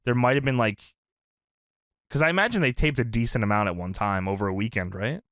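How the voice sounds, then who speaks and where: A man co-hosting a podcast in casual chat, profane and quick to laugh, often acting out what people said. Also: mid-range voice, no echo, studio quality. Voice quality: animated, profane, laughs often, acts out quotes. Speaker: podcast co-host.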